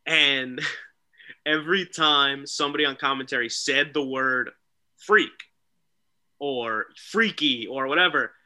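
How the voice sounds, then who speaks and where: A man co-hosting a casual wrestling talk show, excitable and animated, often mimicking people. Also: mid-range voice, a little slow. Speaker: podcast co-host.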